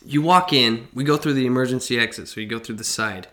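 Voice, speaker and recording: A man's voice: mid-range voice, quick pace, a bit bright. A young man co-hosting a casual podcast, chatty and eager, often finishing his co-host's sentences. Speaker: podcast co-host. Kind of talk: casual chat.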